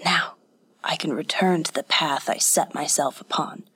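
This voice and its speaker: A woman voicing a bitter young man set on revenge, in a hoarse, croaking near-whisper. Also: deep voice, moderate pace, fairly bright tone, full character voice. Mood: grim, low.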